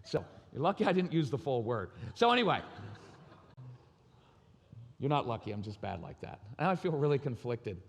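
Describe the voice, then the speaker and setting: A middle-aged man giving a lively, self-deprecating parenting talk at a live conference, telling stories and acting out voices. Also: mid-range voice, normal speed, long pauses, lo-fi sound, slight background noise. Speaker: parenting speaker. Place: large hall at a live conference. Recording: long reverb of a large hall.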